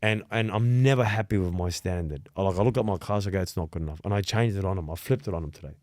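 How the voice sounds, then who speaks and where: A low-voiced man talks fast on a casual podcast he hosts, telling animated stories packed with swearing and acting out the quoted dialogue. The recording is clean studio sound with no echo.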